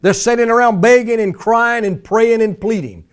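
A man's voice: extremely high pitch, moderate pace, clear, resonant tone. A male pastor preaching a sermon in a folksy, emphatic way, mimicking pleading prayers for effect.

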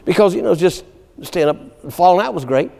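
A man with a high, creaky voice preaches at a moderate pace, telling his sermon like a folksy story. He's animated, laughs in asides, and calls out "amen" often. A long hall reverb surrounds the recording.

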